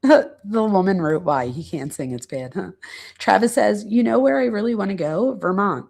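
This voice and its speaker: A woman hosting a true crime channel, casually reading out quotes and commenting, pausing now and then to search her notes. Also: medium pitch, animated, creaky, a little mellow.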